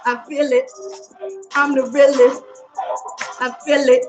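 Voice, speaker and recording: A woman with a high, bright-pitched voice hosts a tarot livestream in a loud, excitable persona. She fires off profane rhymes and banter at her chat. Faint music plays underneath. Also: takes it slowly, pauses often, poor audio. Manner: loud and excitable, often laughing. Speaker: tarot reader hosting a livestream. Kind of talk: hyped, rhyming livestream chat in a brash persona.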